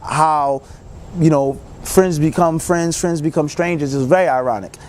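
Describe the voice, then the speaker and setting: A man, an Islamic teacher, telling a personal story in a casual, animated way and acting out other people's lines. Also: fairly high pitch, normal speed, a little hiss or hum. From United States. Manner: casual, many fillers like "you know".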